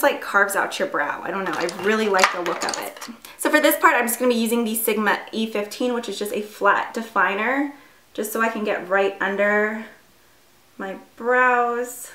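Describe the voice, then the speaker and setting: A woman's voice: medium pitch, moderate pace, sharp tone. A woman in her twenties chatting casually through a makeup tutorial, full of fillers and self-deprecating asides. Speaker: beauty vlogger. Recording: echoey room.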